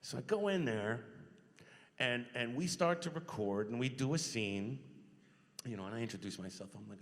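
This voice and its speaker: A middle-aged man, a voice actor, telling stories at a convention panel Q&A, animated and quick to laugh. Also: mid-range voice. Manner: animated storyteller, acts out quotes, laughs often. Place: large convention hall. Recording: reverberant convention hall.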